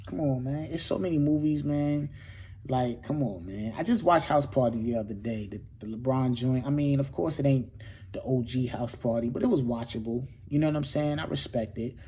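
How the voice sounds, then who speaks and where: Husky, slangy man hosting his show. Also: mid-range voice, normal speed. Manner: animated, rhetorical, slangy, repeats himself. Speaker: host. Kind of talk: casual monologue to camera.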